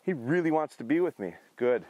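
Middle-aged guy training his gundog in a field, just talking it through, easygoing, mid-pitch voice. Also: normal speed, dull audio, a little hiss or hum. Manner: relaxed explaining between sharp short dog commands; high excited praise to the dog. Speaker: dog trainer. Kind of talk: outdoor training commentary. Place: outdoors in a field.

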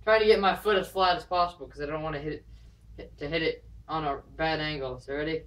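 A medium-pitched voice, steady and quick, belongs to a vlogger taking on viewer dares indoors at home. Chatting loosely to the camera, they ramble and do a nervous countdown before every dare.

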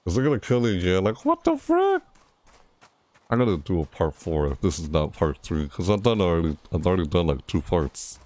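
A man casually commenting on his horror game playthrough, jumpy and excitable, talking to viewers and reading game prompts aloud. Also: deep voice, quick pace, few pauses. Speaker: gameplay streamer.

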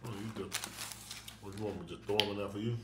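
Low-voiced joking man eating on camera. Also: fairly even intonation, fast. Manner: playful, joking, cursing casually, talks with mouth full. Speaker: mukbang channel co-host. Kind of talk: casual chat while eating on camera. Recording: roomy echo, noticeable background noise.

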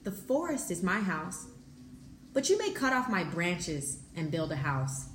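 A gentle, selfless old tree from a storybook, read by a woman, slow and soft, a bit low for her bright voice. The room is echoey, with faint noise behind. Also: very animated.

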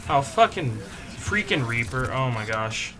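Frustrated young gamer yelling at teammates. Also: male voice, medium pitch, very animated, measured pace, soft background music. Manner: swings between muttering and yelling in frustration. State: strained voice from yelling. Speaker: gaming YouTuber. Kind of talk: live gameplay commentary.

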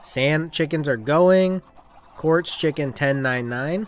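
A man's voice: on the high side, slow, a little hiss or hum. Chatty man narrating his own gameplay. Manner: chatty, talks to himself, bursts into mock rage. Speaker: gaming channel host. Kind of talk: casual let's-play commentary.

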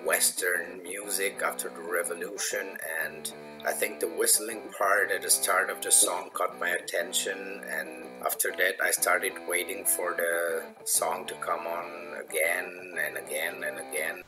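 A man with a very deep voice calmly recalls a memory for an interview. He speaks in a matter-of-fact way, with guitar music clearly behind him. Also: unhurried, poor audio. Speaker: fan interviewee.

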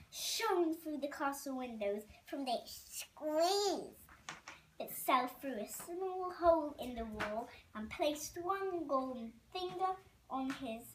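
Lively high-voiced woman reading aloud. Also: slight background noise. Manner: halting, stumbling over words. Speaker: reader. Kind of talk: amateur storybook read-aloud.

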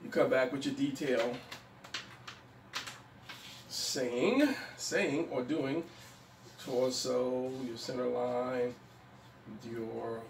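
A man's voice: mid-range voice, extremely slow, creaky, pauses often. Man talking through a drawing tutorial. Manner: relaxed, thinks aloud while drawing, frequent fillers. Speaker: drawing instructor. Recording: echoey room, mic at a distance, faint background noise.

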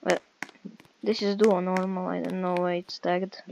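A woman's voice: fairly low pitch, little pitch movement, unhurried, gravelly, darkish tone, a little hiss or hum, poor audio. A woman giving casual, hesitant gameplay commentary with many fillers while walking through a game. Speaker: game walkthrough creator.

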